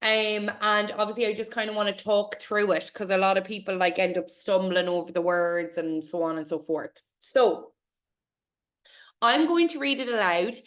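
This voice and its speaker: A young Irish woman teaching a class and reading a poem aloud slowly and clearly. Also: mid-range voice, fairly bright tone. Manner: encouraging, reassuring, models pronunciation slowly.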